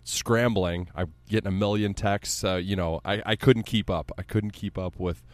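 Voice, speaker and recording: A man co-hosting a casual sports podcast, telling stories in an excitable, joking and sometimes profane way. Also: on the low side, moderate pace, no echo. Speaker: podcast co-host.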